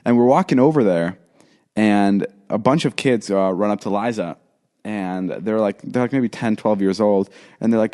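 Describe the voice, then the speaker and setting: A young podcast co-host tells a story in casual chat at a moderate pace, his tone somewhat dark. He acts out quotes in a higher voice and fills his speech with fillers and restarts.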